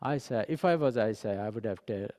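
A man preaching a sermon, animated and acting out dialogue, dropping to a soft voice for emphasis. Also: lowish voice, fairly quick. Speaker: pastor. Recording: long hall reverb.

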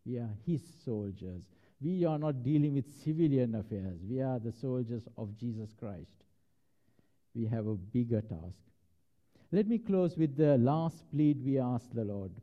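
A man preaching a reflective sermon, mixing scripture with personal anecdotes. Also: mid-range voice. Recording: dull lo-fi recording.

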